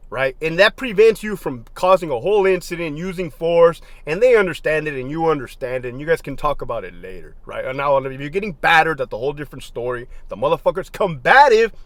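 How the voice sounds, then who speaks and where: A man's voice: on the high side, fairly bright tone, no echo. A middle-aged former prison lieutenant telling stories in a casual, profane way, laughing often as he goes. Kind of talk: casual storytelling monologue.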